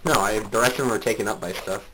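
This young podcast guest has a fairly low voice and talks at a quick pace over voice chat from a small bathroom at home, with a loud crowd in the background. He jokes crudely and laughs often, captured on a close, loud and noisy voice chat mic.

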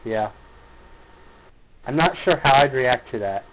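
Speaking slowly and expressively at a medium pitch, a young man chats casually over voice chat as a podcast guest from a small bathroom at home, with crowd noise audible. He laughs a lot and jokes crudely. The close voice chat mic is loud and noisy.

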